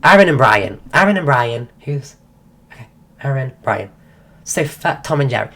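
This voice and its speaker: A woman's voice: very deep voice, sing-song, normal speed, fairly bright tone, slightly rough. A woman streaming, telling a rambling story in casual chat while losing her voice. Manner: rambling, full of restarts.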